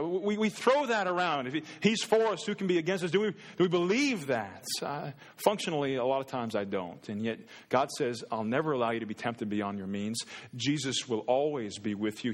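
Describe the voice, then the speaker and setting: A man preaching a sermon as a pastor, earnest and conversational, often restarting his words. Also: mid-range voice. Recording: long reverb in a hall.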